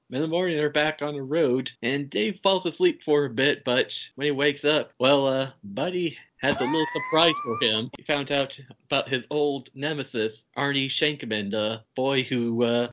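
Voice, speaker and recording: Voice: mid-range voice, a bit bright. A podcast host recapping a movie in casual chat, laughing while retelling scenes. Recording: dull, lo-fi podcast audio.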